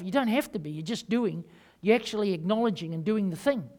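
A man with a New Zealand accent preaching a sermon, rambling and emphatic, swinging between loud and quiet. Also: sits high, animated, brisk. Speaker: pastor.

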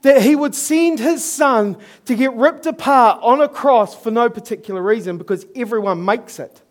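An earnest, middle-aged man with a New Zealand accent preaches a storytelling sermon at normal speed in a notably high voice. He chuckles at his own mishaps along the way.

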